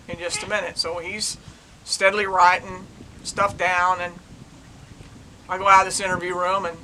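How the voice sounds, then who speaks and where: A man's voice: high voice, background noise. An older man, a retired police detective, casually telling a case story in a chatty, rambling way and retelling the dialogue. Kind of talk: casual true-crime storytelling.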